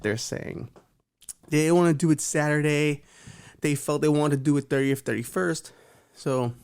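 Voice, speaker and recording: A man's voice: a little high, mellow. A young adult man hosting a comedic talk show, delivering a profane, joking monologue. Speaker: host.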